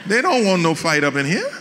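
A bishop preaches a sermon as an animated storyteller, dropping folksy asides and often restarting his sentences. His voice is a little high, and the sound suggests a big room.

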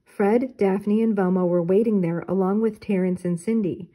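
An older woman reading a children's storybook aloud in clear, even narration. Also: mid-range voice, normal speed. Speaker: storybook reader.

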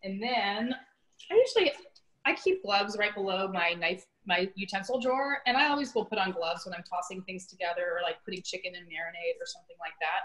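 A woman's voice: mid-range voice, fairly quick, hardly any pauses, fairly bright tone, low-quality recording. Woman in her fifties, chef hosting a casual cooking demo from her kitchen, chatty, self-mocking, laughs a lot, video call audio. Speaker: chef teaching a cooking class. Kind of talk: casual live cooking demonstration. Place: home kitchen.

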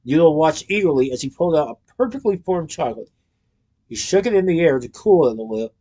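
A man narrating a children's story in an expressive storytelling manner. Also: fairly high pitch, brisk. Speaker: audiobook narrator. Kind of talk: scripted narration.

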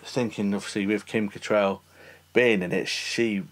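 A man's voice: fairly low pitch, fairly even intonation, normal speed. A man hosting a casual film podcast, chatty and laughing often. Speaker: podcast host.

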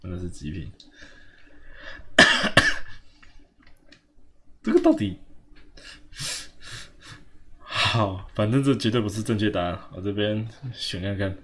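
A man's voice: lowish voice, sing-song, slow, pauses often, pushed and bright, husky. A man with a Taiwanese Mandarin accent giving casual, joking commentary on a game he is playing. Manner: joking, mocking, laughing asides. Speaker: game streamer. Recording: faint background noise.

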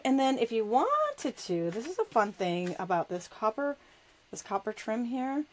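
A woman's voice: mid-range voice, slight background noise, low-quality recording. A woman hosting a live crafting demonstration, chatty and self-deprecating, laughing often and talking while she works with her hands. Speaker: crafting show host.

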